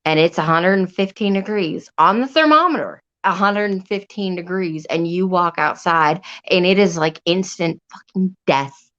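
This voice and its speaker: A woman's voice: on the low side, normal speed, a bit bright. A woman hosting a livestream, chatting casually and rambling, with frequent swearing. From Upper Peninsula of Michigan. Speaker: livestream host. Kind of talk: casual chat. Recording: dull lo-fi sound.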